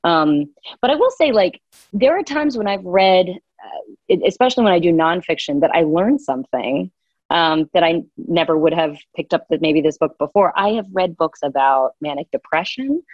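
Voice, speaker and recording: A woman's voice: low-pitched, expressive, moderate pace, no echo. A woman audiobook narrator chatting as an interview guest, talkative and laughing easily. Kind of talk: casual interview chat. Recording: dull, dry sound.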